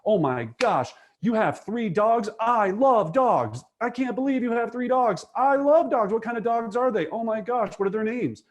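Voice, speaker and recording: A man's voice: very high-pitched, lively intonation, normal speed, hardly any pauses, voice pushed up. A man playing a male real estate agent who gushes with exclamations on a phone call. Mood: gushing. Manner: gushing, exclamatory.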